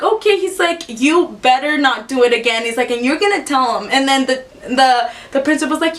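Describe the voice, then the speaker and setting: A young woman tells a casual storytime, with a high, bright voice that jumps into squealing quotes. She swears freely and talks with lots of animation. Her voice sits a little back from the mic. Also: expressive, a little fast, recorded from a distance. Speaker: vlogger.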